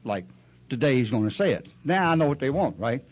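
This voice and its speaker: A man's voice: mid-range voice, big pitch swings, a little fast, darkish tone, highs cut off, slight background noise. Folksy older man telling his story. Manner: rambling, folksy storytelling that acts out other voices. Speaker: speaker sharing his story at a recovery meeting. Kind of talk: storytelling share.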